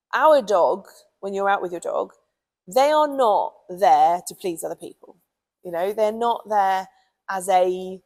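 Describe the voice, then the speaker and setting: A woman's voice: medium pitch, a little mellow, rough recording. A British woman who trains dogs, giving chatty, casual advice with plenty of ums and you knows. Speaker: dog trainer.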